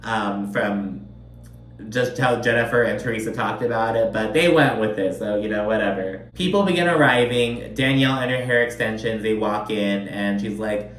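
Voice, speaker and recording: A man's voice: lowish voice, moderate pace, a bit bright. A man giving a casual, chatty recap of a reality show, swearing freely and filling his sentences with "like.". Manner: chatty, profane, lots of "like". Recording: roomy echo, distant mic, faint hum.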